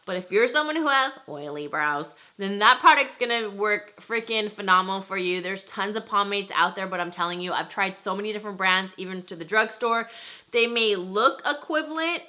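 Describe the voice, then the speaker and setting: Bright-voiced chatty young woman vlogger. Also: medium pitch. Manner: chatty and enthusiastic, lots of "like" and "freaking". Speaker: beauty vlogger. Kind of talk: casual product review to camera.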